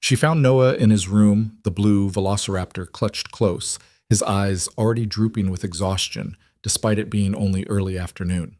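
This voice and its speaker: A man narrating a romance story in a measured, even storytelling manner. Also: lowish voice, no echo, clean studio sound.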